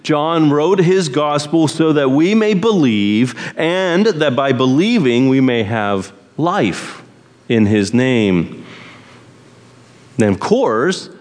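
A man preaching a sermon at a very slow, deliberate pace, leaning hard on key words. His voice sits in a middle pitch, and a long reverb from a large hall follows each phrase. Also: animated, darkish tone. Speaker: pastor.

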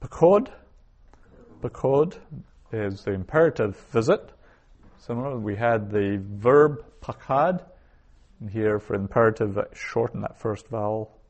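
The audio is dull on this recorded language lesson, in which a Hebrew teacher with a lowish, darkish voice speaks slowly. He says each word twice, then explains it.

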